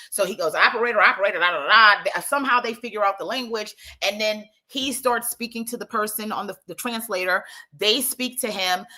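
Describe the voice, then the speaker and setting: A young woman telling a story in a casual monologue, animated and emphatic, often restarting her sentences. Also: on the low side.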